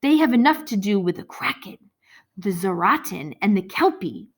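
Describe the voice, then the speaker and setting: A woman's voice: mid-range voice, big pitch swings, moderate pace, vocal fry, slightly rough, full character voice. A woman reading a worried zookeeper dad. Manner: earnest, sighing. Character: worried bearded zookeeper father.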